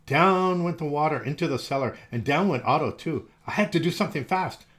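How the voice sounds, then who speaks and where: A man reading a children's storybook aloud, gentle and expressive. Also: on the high side. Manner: gentle, expressive, slowed for effect.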